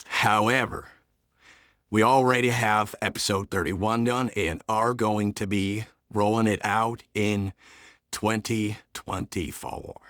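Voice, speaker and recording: A man with a lowish voice delivers a channel update in a measured, slightly formal way, pausing on small hesitations. The recording is close and dry, with no room sound. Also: fairly even intonation, a bit bright, no room sound. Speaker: dub team organizer.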